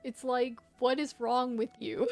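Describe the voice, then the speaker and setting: A woman's voice: a little high, flat delivery, measured pace, a little mellow, faint music behind. A woman streaming a video game, chatting casually with giggly, self-deprecating asides. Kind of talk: casual gameplay commentary.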